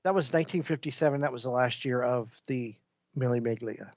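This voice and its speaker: A man, co-hosting a podcast and telling stories in casual, animated chat. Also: medium pitch, brisk, dry recording, dull audio. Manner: rambling, animated storyteller. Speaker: podcast co-host.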